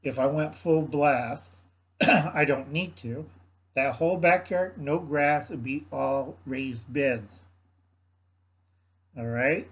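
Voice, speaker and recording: A man's voice: fairly high pitch, slow pace, long pauses, slightly rough, highs cut off. An older man hosting a gardening channel, giving blunt, folksy advice in a rambling casual chat and scolding his viewers. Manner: blunt, scolding, folksy, refers to himself in third person.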